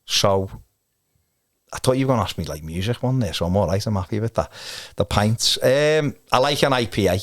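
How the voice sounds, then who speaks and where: Deep-voiced man telling chatty stories. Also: expressive, a little fast, no room sound, studio quality. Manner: chatty storyteller, chuckles often. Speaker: podcast guest, fan channel presenter. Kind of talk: casual chat and anecdotes.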